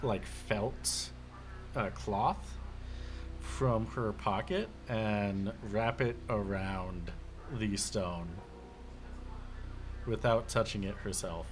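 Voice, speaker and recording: A man narrating a tabletop game as game master, halting with many fillers. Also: fairly low pitch, slight background noise.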